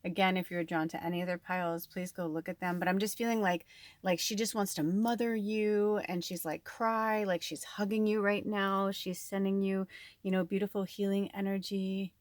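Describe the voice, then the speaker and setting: A woman's voice: mid-range voice, little pitch movement, normal speed, dry recording. A woman giving a casual spiritual card reading in a rambling, chatty way, full of fillers, recorded at home on a farm. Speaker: tarot and oracle card reader.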